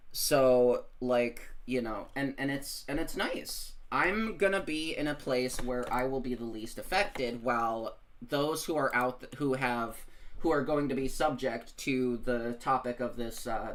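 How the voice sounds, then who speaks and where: An American live streamer giving casual commentary, rambling and profane in an animated rant. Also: medium pitch. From United States.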